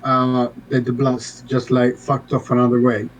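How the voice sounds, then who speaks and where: A man's voice: medium pitch, monotone, a little slow, low-quality recording. A man playing a tabletop game, chatting casually and playfully asking the game master questions. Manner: playful, asks rules questions. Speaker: player.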